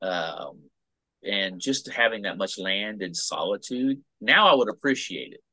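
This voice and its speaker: Animated man with a bright voice. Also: on the low side, measured pace, no room sound. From United States. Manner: animated, profane musing. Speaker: podcast co-host. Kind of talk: casual chat.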